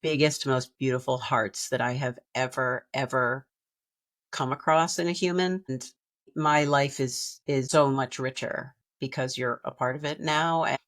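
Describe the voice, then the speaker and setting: A woman's voice: a bass voice, steady tone, unhurried. A woman co-hosting a podcast, talking in an earnest, reflective way with frequent restarts. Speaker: podcast co-host. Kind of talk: heartfelt podcast conversation.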